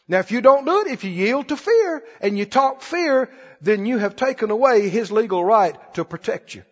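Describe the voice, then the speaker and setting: High, lively preacher in an echoing hall. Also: male voice, normal speed. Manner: emphatic, rising to loud declarations. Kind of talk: sermon. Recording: dull recording in a large reverberant hall.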